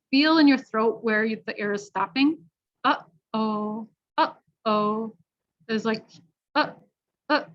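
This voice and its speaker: A woman teaching pronunciation, modeling words slowly and repeating each one clearly. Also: on the high side, a bit bright. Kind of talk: slow, clear pronunciation lesson. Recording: dull lo-fi online class audio.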